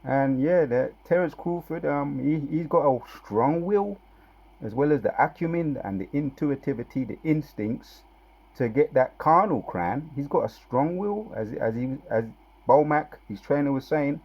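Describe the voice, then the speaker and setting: A man giving an informal scripture teaching. He reads verses slowly with loud, drawn-out stress and talks casually between them, often asking "right?" and "yeah?". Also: a little high, expressive, husky, highs cut off. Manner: conversational, with tag questions and fillers between verses. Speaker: bible teacher.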